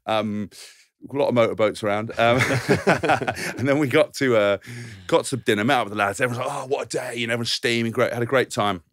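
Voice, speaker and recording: A man co-hosting a podcast, telling lively anecdotes with swearing, laughter and acted-out quotes. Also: medium pitch, a little fast, no echo, studio quality. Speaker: podcast co-host. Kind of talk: casual storytelling chat.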